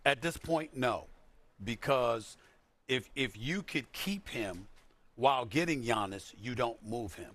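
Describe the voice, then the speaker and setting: A man's voice: medium pitch, expressive, slow pace, fairly bright tone. A man giving sports opinions in an emphatic, slangy way, stretching words for stress. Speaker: sports commentator.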